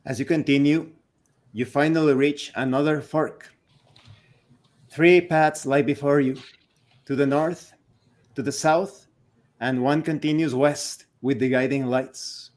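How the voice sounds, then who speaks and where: A man narrating a tabletop game as game master, slow and deliberate. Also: fairly high pitch, steady tone, darkish tone.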